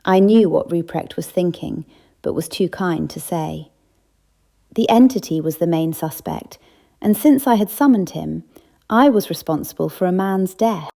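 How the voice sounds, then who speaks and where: A woman narrating a cozy mystery audiobook, giving the characters small lifts in pitch. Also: lively intonation, unhurried, gravelly, dark tone. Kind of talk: scripted narration.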